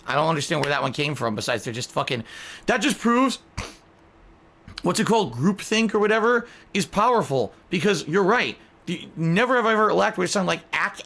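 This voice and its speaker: A man's voice: a little high, vocal fry, fairly bright tone. A man streaming to his chat, ranting in an angry, profane, defensive way. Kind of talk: livestream rant to chat.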